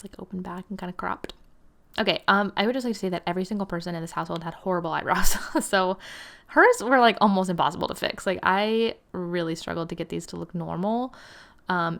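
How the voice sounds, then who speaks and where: A young woman in her twenties hosts a gaming channel, chatting and rambling through gameplay with frequent "like" and "um," some laughter, and occasional whispers. Her voice is on the low side, brisk and fairly bright, with vocal fry.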